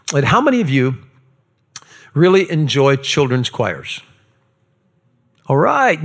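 A man preaching a sermon as pastor, animated and acting out quoted voices. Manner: animated, acts out quotes with raised pitch.

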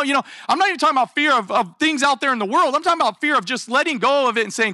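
High, bright-voiced animated male preacher. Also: very fast, few pauses, no room sound, clean studio sound. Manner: animated, conversational preaching with rhetorical questions. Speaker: pastor. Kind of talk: sermon.

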